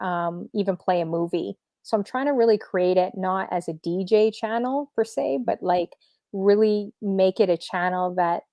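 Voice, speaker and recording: A woman streamer DJ as the guest in a casual interview, upbeat and chatty with many fillers, a little hoarse. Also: medium pitch, mellow, no echo, studio quality. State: slightly losing her voice.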